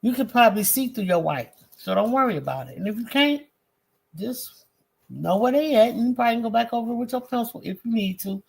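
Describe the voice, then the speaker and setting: A woman's voice: fairly high pitch, lively intonation, brisk, creaky, darkish tone, breathy edge. A woman leading a live-streamed painting lesson as an art teacher, chatty and encouraging, talking straight to her viewers and bantering with the chat in a slangy, friendly way.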